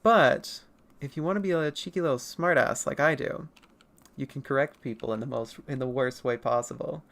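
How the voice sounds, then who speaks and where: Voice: mid-range voice, moderate pace, a bit bright. An artist chatting casually with viewers on a livestream while drawing, playful and rambling, laughing often and swearing now and then. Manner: rambling, self-correcting asides. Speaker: artist streamer answering chat.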